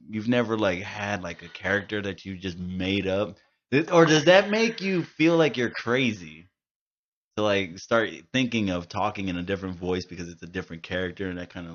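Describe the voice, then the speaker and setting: A man's voice: low-pitched, muffled recording. A man hosting a podcast in a studio, chatting casually and telling stories in a loose, profane way. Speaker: podcast host. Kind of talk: casual chat.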